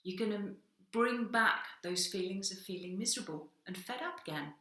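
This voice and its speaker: A woman in middle age speaks straight to camera in an easy, conversational way, now and then acting out small back-and-forth exchanges. Her voice is bright and clear, at a middle pitch for a woman. The recording has a noticeable roomy echo. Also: lively intonation, normal speed. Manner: conversational, acts out little dialogues. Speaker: hypnotherapist. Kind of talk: direct-to-camera talk.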